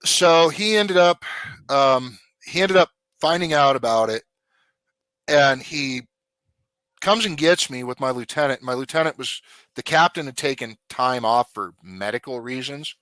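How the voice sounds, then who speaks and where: A man's voice: medium pitch, measured pace, no echo. Blunt, profane man telling a story. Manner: blunt, profane, animated retelling. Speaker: guest, former police officer. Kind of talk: casual storytelling.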